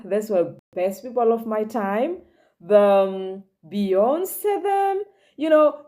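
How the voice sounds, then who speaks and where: A woman's voice: on the high side, dark tone. A woman giving an English lesson in a chatty, encouraging way, speaking directly to the viewer. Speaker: English teacher. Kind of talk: casual spoken lesson giving tips.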